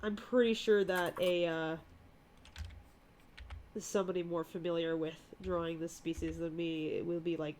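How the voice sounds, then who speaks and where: A woman's voice: fairly low pitch, flat delivery, moderate pace, a little mellow, a little hiss or hum. A woman artist on a live stream, chatting casually while she sketches, gushing and laughing often.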